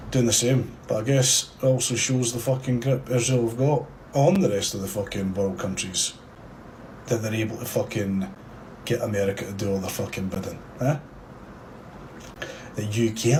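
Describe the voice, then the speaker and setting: A man with a Scottish accent on a live show. He delivers an angry political rant, swearing heavily, loud and defiant. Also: medium pitch. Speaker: guest or caller. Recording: noisy background.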